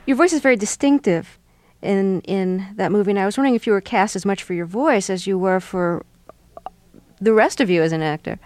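A woman hosting an interview, asking attentive, measured questions. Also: medium pitch, darkish tone. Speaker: interviewer, host. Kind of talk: radio interview.

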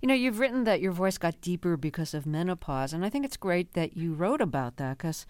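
A woman radio interviewer asking measured, curious questions in the studio. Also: fairly low pitch, very animated, clean tone, no echo. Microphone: studio microphone.

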